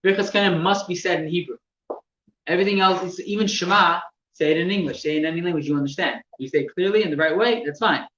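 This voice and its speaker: A man teaching religious laws to a class, explaining step by step with halting repeats and gestures. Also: high voice, fairly bright tone. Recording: echoey room, distant mic, dull sound with faint noise.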